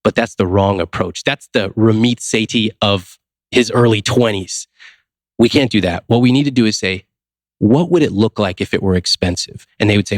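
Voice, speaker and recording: A man's voice: fairly low pitch, normal speed, dry recording, clean studio sound. A man from the United States, a guest on a podcast, telling stories in a casual interview. He acts out quoted dialogue and keeps asking rhetorical questions. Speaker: podcast guest, finance author.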